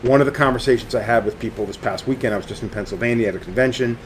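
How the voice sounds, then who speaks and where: A man's voice: medium pitch, very fast, a little hiss or hum. Blunt, swearing middle-aged man host. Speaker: podcast host and tattoo artist. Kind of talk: casual chat.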